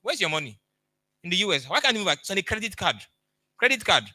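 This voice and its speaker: Bright emphatic Nigerian man coaching. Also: sits high, very animated, fast, no echo. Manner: storytelling, emphatic, acts out dialogue. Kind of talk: motivational talk.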